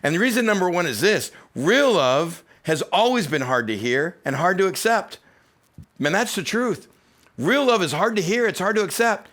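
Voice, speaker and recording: A man's voice: high voice, big pitch swings, moderate pace, a bit bright. A man, a teaching pastor, giving a sermon in a conversational, humorous preaching style. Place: church.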